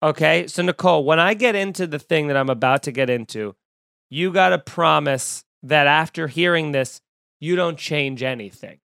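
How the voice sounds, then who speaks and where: Male podcast host, comedic and animated, dry close mic. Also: fairly high pitch, moderate pace, gravelly, clean tone, no room sound. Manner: animated, jokey storytelling with sudden loud outbursts. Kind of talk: casual comedic podcast chat.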